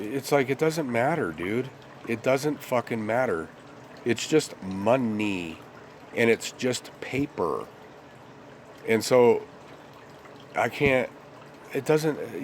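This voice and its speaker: A man's voice: mid-range voice, a little hiss or hum. A young man ranting bluntly and profanely in a rambling casual monologue to his viewers. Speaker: vlogger.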